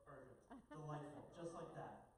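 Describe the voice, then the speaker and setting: Youth leader, male, upbeat and bossy-fun, fairly high voice, miked from afar in a big echoey hall with a crowd. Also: a little mellow, a little hiss or hum. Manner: upbeat, directing the group with quick instructions. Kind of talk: playful crowd warm-up. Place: large church hall, indoors. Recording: echoey room mic from far off with crowd.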